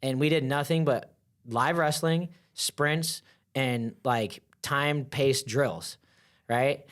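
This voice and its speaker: A young man, a wrestling coach, telling stories in casual chat, animated and full of "like" fillers. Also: medium pitch, slow pace. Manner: animated, acts out voices in his stories, heavy filler "like". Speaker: wrestling coach, podcast guest.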